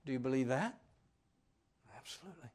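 This preacher's voice is on the high side, very animated yet unhurried. His sermon is emphatic and full of questions to listeners, swinging from loud statements to hushed asides.

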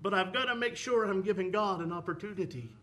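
A man's voice: high voice, fast talker, sharp tone. A man preaching a sermon with an impassioned, rising and falling cadence, quoting scripture.

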